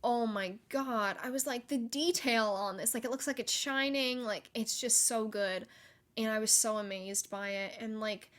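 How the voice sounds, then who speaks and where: Excitable young woman podcast host. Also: a little high, normal speed. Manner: chatty and excitable, many likes and laughs. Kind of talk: solo gaming podcast.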